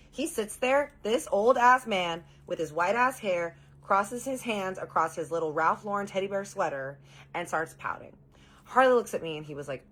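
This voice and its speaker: A woman's voice: lowish voice, animated, moderate pace, a bit bright. A woman telling a story in a sassy, gossipy, casual way.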